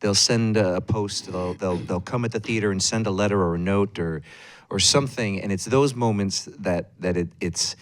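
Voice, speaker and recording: A man's voice: fairly low pitch, normal speed. A stage actor on a panel, giving an earnest, thoughtful answer and searching for his words.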